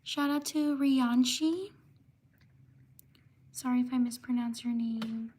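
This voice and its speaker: High-voiced woman slowly calling out names. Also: darkish tone, husky. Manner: slow, careful reading of viewers' names, often apologizing. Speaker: livestreamer. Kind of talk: livestream shout-outs.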